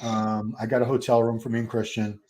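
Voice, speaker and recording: A man's voice: medium pitch, little pitch movement, fairly quick, darkish tone. Rambling man in his fifties hosting a stream. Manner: rambling, restarts sentences, talks to the chat. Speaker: host of a live stream watch party. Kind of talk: casual chat. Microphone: streaming setup.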